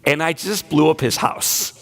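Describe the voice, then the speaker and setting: A man delivering an inspirational speech to a large breakfast crowd in a banquet hall, telling a personal story with playful asides and hushed, emotional moments. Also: a little high, normal speed. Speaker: inspirational speaker.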